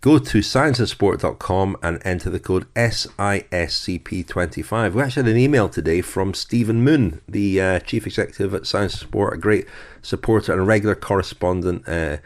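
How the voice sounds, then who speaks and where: A man co-hosting a sports podcast in casual chat, reading a sponsor message and laughing easily with his co-hosts. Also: sits low. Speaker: podcast co-host.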